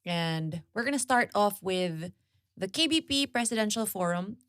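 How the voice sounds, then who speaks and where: A woman's voice: medium pitch, lively intonation, moderate pace, a bit bright, no room sound, studio quality. A woman with a Filipino accent co-hosting a podcast in casual chat, mixing English and Tagalog with giggly asides. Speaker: podcast co-host. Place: podcast studio.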